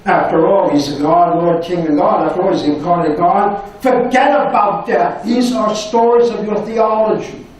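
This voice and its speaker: A man's voice: high-pitched, moderate pace, hardly any pauses, a little mellow, far from the mic. A man, a professor, giving a dramatic public lecture full of rhetorical questions, his voice sinking to near-whispers at emotional points. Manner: dramatic, impassioned delivery with many rhetorical questions. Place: university lecture hall. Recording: echoey hall recorded from afar.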